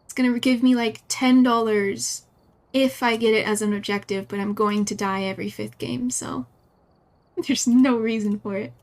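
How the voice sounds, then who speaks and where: A woman's voice: on the high side, fairly even intonation, normal speed. A young woman streaming a horror game, chatty and giggly, talking to herself as she plays. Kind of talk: live gameplay commentary.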